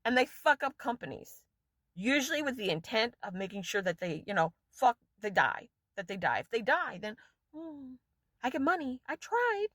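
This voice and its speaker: A woman's voice: mid-range voice, expressive, normal speed, a bit bright, dry recording. A woman vlogger delivering an angry, profane rant straight to camera in a casual monologue.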